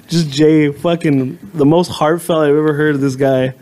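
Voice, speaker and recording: Casting note: high-pitched male co-host, laughs through his anecdotes, swears freely, casual. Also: steady tone, normal speed, darkish tone. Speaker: podcast co-host. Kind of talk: casual chat.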